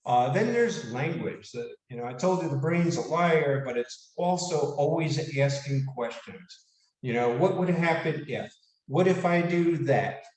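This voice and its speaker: A man giving an animated, casual motivational lecture who asks the audience questions. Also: fairly high pitch, measured pace. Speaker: speaker giving a leadership talk. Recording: echoey room, mic at a distance.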